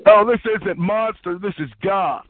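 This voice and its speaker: A man's voice: high-pitched, unhurried. A man hosting a prank call show, taunting and abusive in a sneering rant. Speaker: radio show host making prank calls. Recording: phone-like line with faint music.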